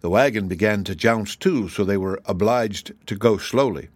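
Low-voiced man reading a storybook. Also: moderate pace, dry recording. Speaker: audiobook narrator. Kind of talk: scripted narration.

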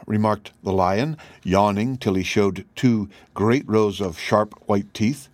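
A man narrating a children's storybook chapter in a steady, even reading voice. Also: fairly low pitch, moderate pace, dry recording. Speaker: audiobook narrator.

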